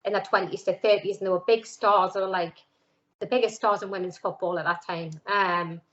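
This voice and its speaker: A middle-aged woman with a broad Geordie accent tells her story in a relaxed interview, slipping into lively quoted voices and filling gaps with "um" and "like". The sound is a little dull and muffled. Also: medium pitch, brisk, slight background noise. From North East England. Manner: chatty, lively quoting of others, many "um"s and "like"s. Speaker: interviewee, former footballer.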